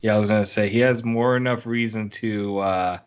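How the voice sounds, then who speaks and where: Casting: man, fairly low voice, rambling sports-podcast co-host. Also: steady tone, brisk, clean tone, highs cut off. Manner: rambling, heavy use of "like". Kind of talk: casual chat.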